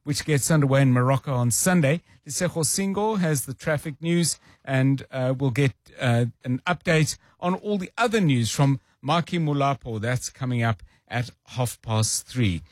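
A man's voice: medium pitch, moderate pace, few pauses, no room sound, clean studio sound. A man hosting a live drive-time radio show, chatting casually to listeners and introducing segments. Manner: chatty, conversational, with fillers. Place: radio studio. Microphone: studio microphone.

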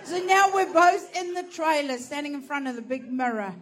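A woman's voice: high-pitched, lively intonation, moderate pace, a little hiss or hum. A woman telling a brash, profane, self-mocking stand-up story, laughing through her lines. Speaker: stand-up comedian.

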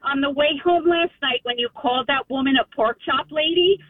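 A woman's voice: high voice, normal speed. Gushing woman caller on a tinny phone line. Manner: gushing, excited, breathless praise. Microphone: telephone.

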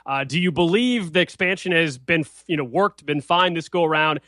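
A man hosting a sports show, asking brisk, easygoing questions. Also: fairly high pitch, pushed and bright, no room sound. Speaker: host. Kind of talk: casual sports talk.

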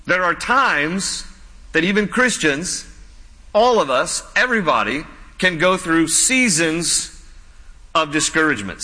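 A man's voice: sits high, sharp tone, big-room sound. A man preaching a sermon as a pastor, earnest and conversational, often repeating his points. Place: church sanctuary.

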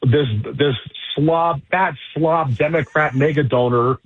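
A man's voice: a little high, slow, husky, no echo. A man speaking as a radio guest, blunt and emphatic in combative political commentary, heard over a phone. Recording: tinny phone line.

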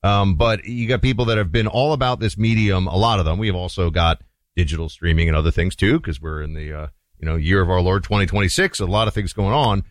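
Male radio host, upbeat, lowish voice, dry studio mic. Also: brisk, no echo. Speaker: radio talk show host. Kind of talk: radio interview and ad read.

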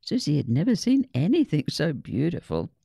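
A woman reading a children's story aloud in a measured, expressive way. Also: sits low, vocal fry, husky, no room sound, studio quality. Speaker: reader. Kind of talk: storybook narration.

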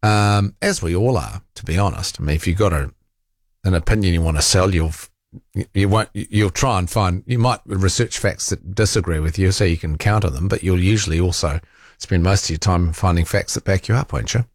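A man's voice: low voice, brisk, no room sound, clean studio sound. A man hosting a talk radio show, reading listener texts and arguing back at critics in a combative, fact-checking way. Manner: combative, defends himself, fact-checks callers.

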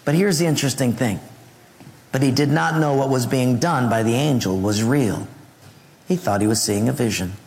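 A man preaching a sermon as an animated storyteller who swings his pitch and laughs his way through the telling. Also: moderate pace, in a large hall. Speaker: pastor.

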